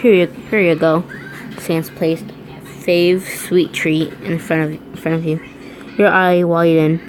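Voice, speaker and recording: Slow, low-voiced woman reading aloud. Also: flat delivery, background noise. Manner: stumbling over words and restarting, breaking off into reactions. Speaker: reader. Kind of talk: reading fan fiction aloud.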